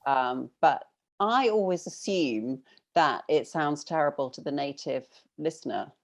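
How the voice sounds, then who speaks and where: A low-pitched British woman, middle-aged, talking casually and thoughtfully as a guest. She muses aloud and laughs easily. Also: expressive, a little slow. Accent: British English. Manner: chatty, thoughtful, laughs often. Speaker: novelist guest. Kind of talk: casual interview chat.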